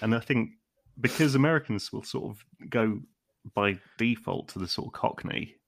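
A man's voice: mid-range voice, normal speed, vocal fry. A man with an English accent, a podcast guest in casual chat, joking dryly. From England. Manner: dry, joking.

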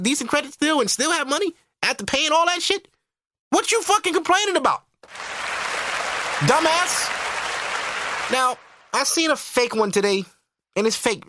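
A man hosting a podcast alone, ranting loudly and profanely in disbelief. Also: extremely high pitch, lively intonation, a little fast, no room sound, a faint crowd. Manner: loud, profane, incredulous ranting. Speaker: podcast host. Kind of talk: ranting solo podcast commentary.

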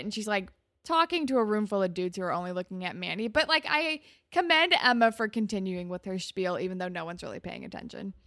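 A woman's voice: medium pitch, expressive, brisk, fairly bright tone, no room sound, studio quality. A young woman casually recapping a TV episode with a co-host, chatty and sarcastic, full of "like". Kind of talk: casual chat.

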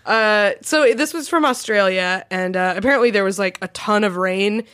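A woman's voice: medium pitch, moderate pace, a bit bright, smooth. Chatty laughing woman podcast host. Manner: chatty, laughs often, many fillers. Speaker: podcast host reading stories. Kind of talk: casual comedic banter.

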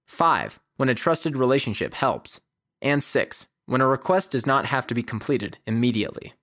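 A man reading a prepared essay as the host of a podcast, in a measured, even delivery. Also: medium pitch, dry recording, studio quality. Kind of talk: scripted essay narration.

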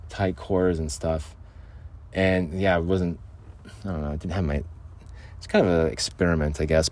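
Low-voiced older man rambling on his podcast. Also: darkish tone. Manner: rambling, jumps between topics, chuckles often. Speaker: podcast host. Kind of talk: casual rambling podcast monologue. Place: makeshift vocal booth in an unfinished greenhouse.

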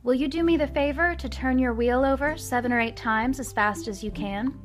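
A woman's voice: high-pitched, moderate pace, faint music behind, voice pushed up, lightly acted. A woman reading aloud and voicing a flustered, genteel woman steamboat captain who pleads with exaggerated politeness. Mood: polite pleading. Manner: fussy, overly polite pleading.

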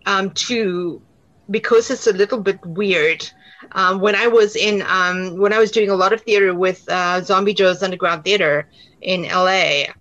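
A woman's voice: medium pitch, fairly bright tone, lo-fi sound. A woman with a South African accent, an actor telling stories in an interview, chatty with many fillers and restarts. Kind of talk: casual interview answers.

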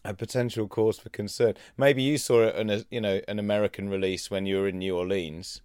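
A man's voice: on the low side, fairly even intonation, a little fast, a little mellow, clean tone, dry recording, clean studio sound. A man hosting a podcast, teasing his guest playfully and laughing along. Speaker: podcast host. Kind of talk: casual chat.

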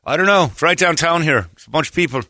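A man's voice: fairly high pitch, quick pace, bright, forceful tone, dry recording, studio quality, pitched above the performer's own voice. A man voicing an old male Irish boxing trainer who wheedles for money, in a put-on Irish brogue. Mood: anxious.

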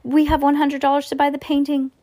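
A woman voicing an excited, brave boy hall monitor in a storybook reading. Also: sits high, fast talker, voice pushed up, close to an everyday voice. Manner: excited, shouting.

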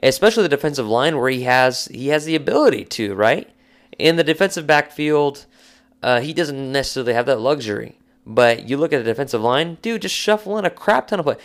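A man co-hosting a casual sports podcast, talking in a slangy, animated way and acting out quotes. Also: mid-range voice, a little fast. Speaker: podcast co-host.

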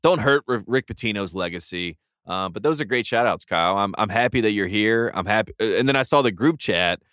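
A man hosts a loose podcast, tossing out jokes and ribbing his friends. His voice sits on the low side. It is recorded close with no room sound. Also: lively intonation, fairly quick, fairly bright tone, dry recording. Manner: joking, teasing banter. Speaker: podcast host. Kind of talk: casual chat.

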